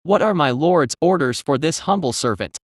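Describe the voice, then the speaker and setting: A man's voice: on the high side, expressive, moderate pace, dry recording, clean studio sound. A man voicing a huge male spider who speaks in stiff, pompous, formal phrases. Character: giant spider king, male, formal and servile.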